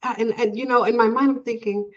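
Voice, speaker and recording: A woman's voice: a little high, steady tone, fast talker. A woman guest sharing a personal story in conversation, earnest and emotional, laughing often between many fillers. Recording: dull lo-fi audio.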